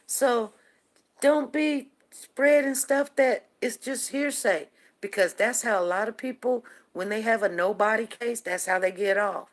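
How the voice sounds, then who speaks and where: A woman's voice: on the high side, unhurried. A woman hosting a talk show, rambling and repeating herself as she makes emphatic points to her listeners. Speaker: show host. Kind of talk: casual talk-show monologue.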